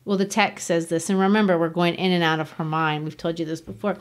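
A woman's voice: lowish voice, steady tone, quick pace, few pauses. A woman hosting a podcast, explaining a novel in an earnest, emphatic way. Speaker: podcast host. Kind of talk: literature discussion.

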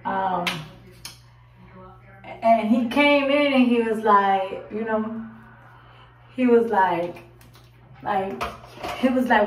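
In her twenties, this vlogger's slightly high voice moves slowly with frequent pauses as she tells a casual storytime. Animated, she acts out what she and others said and swears casually; the recording is echoey and a bit far from the mic.

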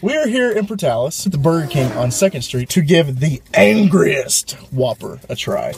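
A man's voice: fairly high pitch, normal speed, vocal fry, a little hiss or hum. Playful man reviewing food. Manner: playful, excitable, jokey. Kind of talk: casual food review chat. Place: fast food restaurant.

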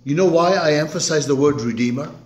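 A male pastor preaching a sermon slowly and emphatically, swinging between loud declarations and hushed, soft phrases. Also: a little high. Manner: slow, emphatic preaching with dramatic swings in loudness. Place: church sanctuary. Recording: echoey church room.

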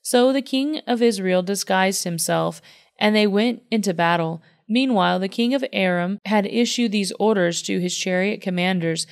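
A woman reading a Bible passage aloud in steady, even narration. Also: medium pitch, normal speed. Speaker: Bible reader. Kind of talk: scripture reading.

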